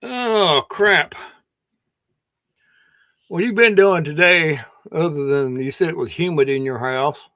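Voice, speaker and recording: A Kentucky-accented livestream host drawls through rambling casual chat, meandering with many restarts and a slightly scratchy throat. His voice is a little high and fairly bright, slow with frequent pauses, and there's no echo.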